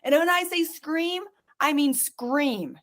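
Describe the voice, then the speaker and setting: A woman's voice: sits high, lively intonation, takes it slowly, a bit bright. A woman hosting a podcast, leading listeners through a guided exercise with urgent, coaxing, repeated commands. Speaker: podcast host guiding listeners.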